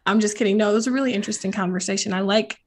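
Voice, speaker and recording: A woman's voice: medium pitch, steady tone, racing. A young adult woman hosting a book podcast, talking casually with lots of fillers and restarts. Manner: chatty, many fillers and restarts. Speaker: podcast host.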